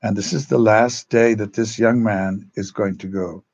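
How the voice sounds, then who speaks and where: A drama teacher tells his stories in a gravelly, husky voice. He halts and restarts, then acts out quotes in changed voices. The recording sounds dull and lo-fi. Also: on the low side, fairly even intonation, normal speed, darkish tone. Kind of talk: storytelling, casual talk.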